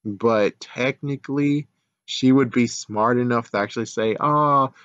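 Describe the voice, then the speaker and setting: A man's voice: mid-range voice, unhurried, no room sound, muffled recording. A man recapping and reviewing a show episode in a casual, rambling way, sarcastic and exasperated, with mild swearing.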